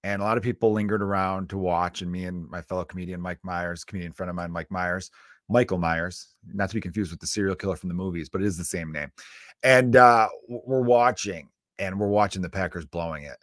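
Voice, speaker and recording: A man's voice: sits low, fairly quick, no echo. Profane ranting man, dry sound. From Chicago area. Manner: profane, animated ranting with frequent asides. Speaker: podcast host, comedian. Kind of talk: casual ranting monologue.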